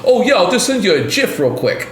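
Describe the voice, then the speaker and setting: A man's voice: high-pitched, very animated, brisk, roomy sound. A man co-hosting a podcast, brash and profane, ranting in mock outrage. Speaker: podcast co-host. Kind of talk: casual chat.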